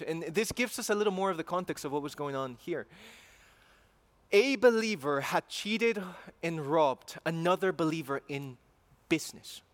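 A male preacher delivering a sermon in a slightly high voice. He speaks earnestly, repeats phrases for weight and builds to emphatic passion.

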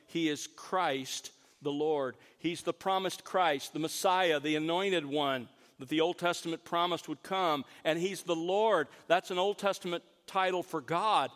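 A man preaching a sermon, slowing down to stress key words. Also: a little high, fairly bright tone, big-room sound. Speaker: pastor.

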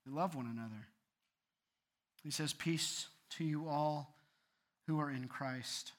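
A man's voice: on the high side, slow. A man preaching an earnest sermon as a pastor, building to fervent appeals.

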